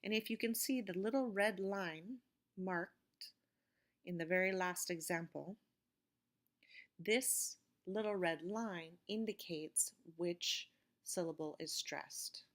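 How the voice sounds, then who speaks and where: Using a lowish voice, a woman teaches an English vocabulary lesson, saying words slowly and clearly to explain word stress.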